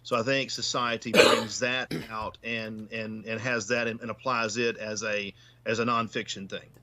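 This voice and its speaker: A man's voice: on the low side, level tone, moderate pace, very noisy. A man with a Southern US accent, a podcast guest talking things through and stumbling over repeated words. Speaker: guest, paranormal investigator. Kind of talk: casual chat.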